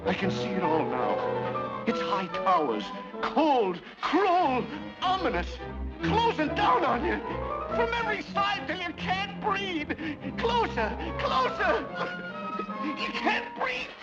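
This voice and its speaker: A brash, pushy stray cartoon dog, squeaky high and swooping wildly as he brags and hams it up. It comes off a dull, lo-fi old cartoon soundtrack, with loud orchestral music running underneath. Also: sing-song, exaggerated voice. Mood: panicked. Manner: boastful, rapid shifts into frantic melodrama. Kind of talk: 1940s cartoon voice acting.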